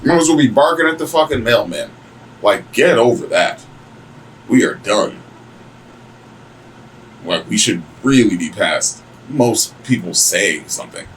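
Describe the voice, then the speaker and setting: A man hosting a podcast, telling stories casually in a crude, mocking, animated way. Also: lowish voice, measured pace, pauses often, slight background noise, low-quality recording. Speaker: podcast host. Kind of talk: casual profane storytelling.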